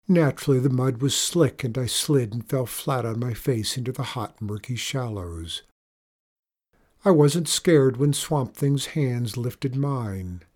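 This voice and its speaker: A man's voice: medium pitch, darkish tone. A man giving wry first-person audiobook narration.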